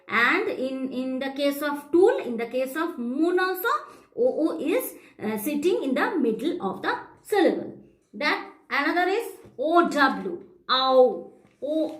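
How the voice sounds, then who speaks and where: A woman teaching a phonics lesson, explaining slowly and spelling out letters and sounds. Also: high-pitched. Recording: echoey room.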